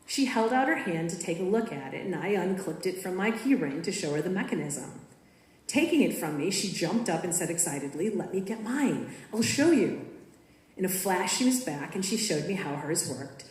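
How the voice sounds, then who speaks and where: A woman reading her own personal story aloud at a school writers event, telling it in an expressive, dramatic way. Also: fairly low pitch, brisk. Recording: echoey room.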